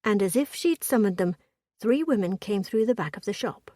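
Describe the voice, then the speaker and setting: A woman narrating a period romance audiobook in an even, measured storytelling voice. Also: mid-range voice, no room sound.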